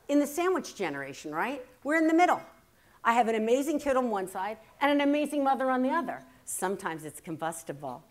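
A woman in her fifties giving a keynote speech, telling family stories in a lively, chatty, self-deprecating way that turns earnest and reflective at times. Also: mid-range voice. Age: 50s. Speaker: keynote speaker. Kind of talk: humorous storytelling speech. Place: stage at a writers' workshop, before a live audience.

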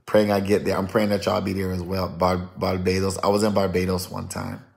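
A man talks casually on a live stream as a prophetic minister. His voice sits a little low and has a gravelly edge. He keeps it chatty and lively, greeting viewers one after another. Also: fairly quick. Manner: chatty and lively, calling out names and places.

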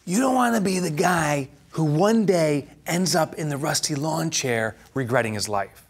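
A man's voice: high-pitched, measured pace, creaky, fairly bright tone, husky, voice pushed up, exaggerated voice. A menacing middle-aged business coach with the air of a mob boss, as a man puts him on. He drags out his words and lets each question hang. The effect is intimidating.

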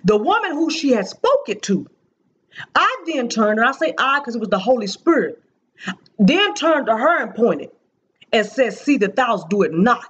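A woman with a husky, breathy voice delivers an earnest sermon about a prophetic dream. She leans hard on key phrases and comes back to them again and again. The sound is dull and lo-fi, with the top end rolled off. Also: a little high, very animated, normal speed, fairly bright tone. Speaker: apostle and prophetic preacher.

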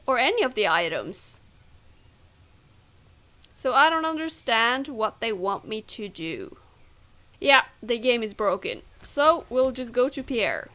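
Chatty high-voiced woman gaming. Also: sing-song, takes it slowly, long pauses, fairly bright tone. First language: not English. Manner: chatty and self-deprecating, laughing at her own misreads. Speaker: gamer. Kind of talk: casual gameplay commentary.

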